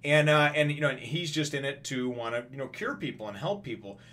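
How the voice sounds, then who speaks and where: A man talking through a comic chapter in a loose, rambling way, full of fillers and restarts. His voice sits in an ordinary middle pitch, and he slips into quoted lines now and then. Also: a little fast, fairly bright tone. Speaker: comic reviewer. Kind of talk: casual recap.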